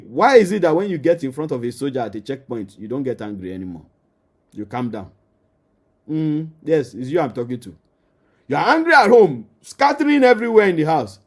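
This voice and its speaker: A man's voice: on the high side, sing-song, fairly quick. Emphatic Nigerian man teaching on marriage. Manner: emphatic, repetitive, addresses listener directly. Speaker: marriage counselor.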